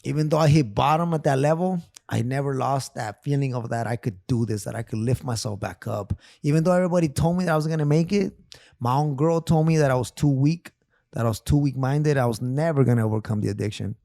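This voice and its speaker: Gravelly guy on a podcast, emotional, cussing, repeating lines, dry mic. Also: mid-range voice, fast talker, warm tone, no room sound. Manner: emotional, profane storytelling; repeats phrases, calls host big dog. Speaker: therapist guest. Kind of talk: casual podcast chat.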